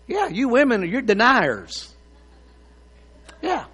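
A man's voice: high voice, sing-song, slow, pauses often, sharp tone, breathy edge. A man preaching a sermon, in a folksy, playful way, laughing and joking with the congregation. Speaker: pastor. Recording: long hall reverb.

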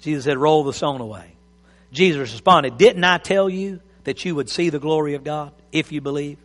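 A man preaching a sermon, animated and repeating phrases for emphasis. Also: fairly high pitch, moderate pace, big-room sound, faint music behind. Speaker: pastor.

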